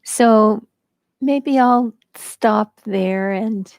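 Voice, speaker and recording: An American woman telling a personal story at a devotional gathering, slow and reflective, with light laughter. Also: mid-range voice, darkish tone, no echo. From United States.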